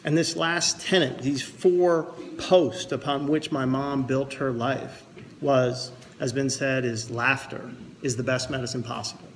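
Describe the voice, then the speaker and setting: A man's voice: medium pitch, steady tone, measured pace, slight background noise. A man speaking at his mother's memorial service as her son, mixing heartfelt reflection with jokes. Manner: earnest storyteller, tells jokes. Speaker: son giving a eulogy. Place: memorial service with a pastor present.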